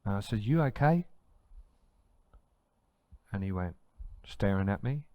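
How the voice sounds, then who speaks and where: A middle-aged Australian man, a pastor, telling lively personal stories in casual conversation and laughing as he talks. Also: low-pitched, fairly quick, clean tone, no room sound, lo-fi sound. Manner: animated storyteller, laughs mid-sentence.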